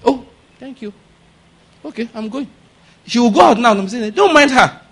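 A man's voice: very high voice, expressive, moderate pace, fairly bright tone, husky. A male pastor preaching a conversational sermon, asking rhetorical questions and laughing between points.

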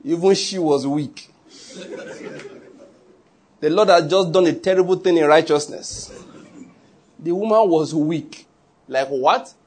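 A man preaching a sermon through an animated story with side remarks. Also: fairly high pitch, a little slow, pauses often, slight background noise.

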